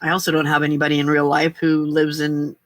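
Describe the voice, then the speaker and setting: A woman's voice: sits low, monotone, fast, no echo. An older woman hosting a casual late-night crafting livestream, chatting to viewers and getting emotional over their kindness. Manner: chatty, emotional, reacting to chat. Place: small home craft room.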